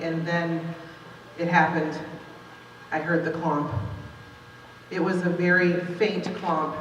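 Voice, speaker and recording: A woman in her forties tells a true story live on stage in an animated, conversational way. Her voice echoes strongly around a large hall, picked up from some distance with a long reverb and a faint hiss underneath. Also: fairly low pitch. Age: 40s.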